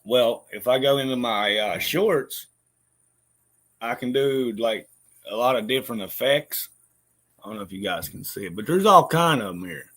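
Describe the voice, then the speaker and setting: A man's voice: mid-range voice, expressive, normal speed, fairly bright tone. A man vlogging in casual chat, rambling, swearing freely and laughing often. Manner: profane, laughs a lot, rambling.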